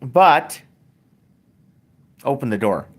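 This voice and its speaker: A man's voice: medium pitch, sing-song, very slow. An older man, hosting a show and ranting bluntly in casual, profane talk. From Canada. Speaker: podcast host.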